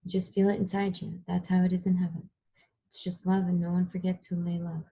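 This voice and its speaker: A woman reading the part of a tired, tender mother who whispers softly to her son at bedtime. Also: on the low side, completely flat delivery, a little fast, creaky, husky.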